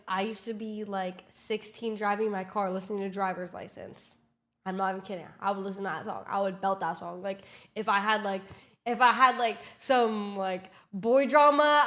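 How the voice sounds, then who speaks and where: Bright-voiced young woman telling a story. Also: fairly high pitch. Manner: chatty, swears a lot, lots of "like", acts out quotes. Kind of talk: casual storytime vlog.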